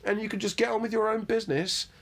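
A man's voice: high voice, little pitch movement, quick pace, vocal fry, breathy edge. Swearing, ranting male podcast co-host. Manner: ranting, swears freely, self-mocking. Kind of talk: casual podcast chat.

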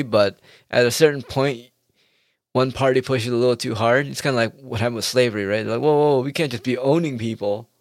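A young man delivers a profane comedic rant in a sarcastic tone, breaking into laughter often. His voice sits at an ordinary middle pitch. The sound is dry and close, with no room echo. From United States.

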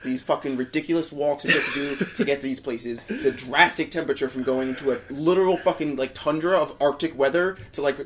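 A man's voice: fairly high pitch, fast talker, few pauses, a little hiss or hum. Ranting podcast guy with hesitant fillers. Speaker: podcast co-host. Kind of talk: casual chat. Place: hotel room.

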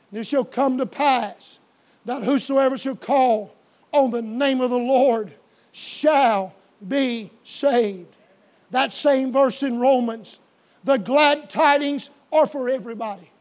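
A male pastor preaching a sermon in a church, swinging between shouted, drawn-out declarations and quieter, intimate appeals. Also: very high voice. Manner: shouting preacher cadence with slow emphatic punches. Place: church sanctuary. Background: soft piano.

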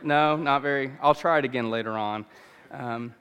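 A man's voice: mid-range voice, moderate pace, fairly bright tone, clear, resonant tone, long reverb tail. A pastor in his thirties preaching a sermon in a church, earnest and fond of repeating key phrases for emphasis. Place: church sanctuary.

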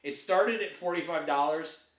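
Middle-aged man, casual podcast chat, rambling, slightly high voice, roomy sound, set back from the mic. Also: moderate pace. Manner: rambling, repeats himself. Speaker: podcast co-host. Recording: roomy, a bit far from the mic.

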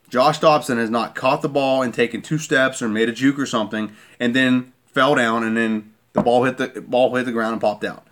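A man's voice: mid-range voice, fairly bright tone. Irate man ranting about football. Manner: irate, repeats himself, keeps asking "okay?". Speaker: sports fan vlogger. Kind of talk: heated sports rant.

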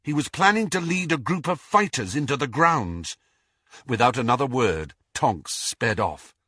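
A man narrating an audiobook chapter with expressive storytelling. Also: medium pitch, a little slow, no room sound, clean studio sound. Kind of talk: scripted narration.

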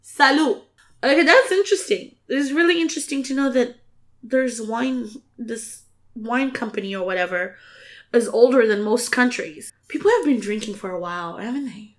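High-voiced woman co-host, chatty, laughs easily. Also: lively intonation, normal speed. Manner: chatty, laughing, reads aloud with mock gravity. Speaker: podcast co-host. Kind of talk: casual chat.

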